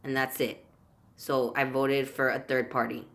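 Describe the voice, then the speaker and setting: A man's voice: mid-range voice, level tone, a little slow, gravelly, a bit bright. A man vlogging a heated rant to camera, swearing constantly and tripping over his words as he repeats himself. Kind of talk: profane political rant to camera.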